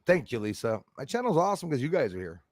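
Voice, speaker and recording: A man's voice: medium pitch, very animated, quick pace, dry recording, clean studio sound. A man chatting casually on his livestream, laughing often and reading out viewer names. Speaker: livestream host.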